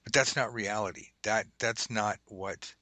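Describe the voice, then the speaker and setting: A man's voice: fairly low pitch, fairly even intonation, a little slow, sharp tone, no room sound. A middle-aged man hosting a podcast in a blunt, profane, self-mocking way of casual chat. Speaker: podcast host and tarot teacher.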